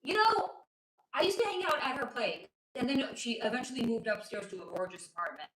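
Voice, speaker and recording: A woman's voice: fairly high pitch, brisk, reverberant, very noisy. A woman from the United States chatting casually on a livestream as a psychic reader, rambling and swearing. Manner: animated, swearing, rambling asides.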